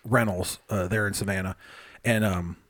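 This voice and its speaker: A man's voice: deep voice, fairly even intonation, normal speed, a bit bright. A man hosting a paranormal podcast, reading listener emails in a loose, joking way, swearing casually and sipping a beer. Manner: loose, joking, swears freely, drinks beer while talking.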